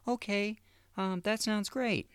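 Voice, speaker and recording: A man faking a super chipper high voice. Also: steady tone, slow, a bit bright, smooth, no room sound, clean studio sound. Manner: sugary and cheerful. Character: overly chipper fake-eager man.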